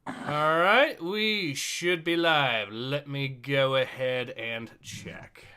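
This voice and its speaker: Bright-voiced man hosting a livestream. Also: mid-range voice, extremely slow, smooth. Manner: chatty, many filler words and restarts. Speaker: livestream host. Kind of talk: casual livestream chat.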